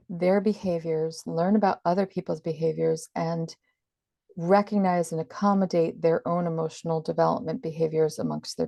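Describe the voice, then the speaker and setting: A woman's voice: on the low side, vocal fry, warm tone, dry recording, studio quality. A woman talking as an interview guest, explaining things earnestly and with emphasis. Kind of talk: conversational explaining.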